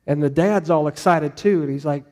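A man's voice: on the high side, moderate pace, darkish tone, big-room sound. A man preaching a sermon to a congregation in a conversational way, asking them questions as he goes. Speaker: pastor.

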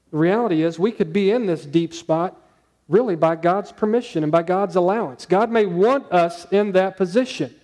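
A man preaching a conversational sermon, asking his listeners questions and dropping to a hushed tone on key points. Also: high voice. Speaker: pastor.

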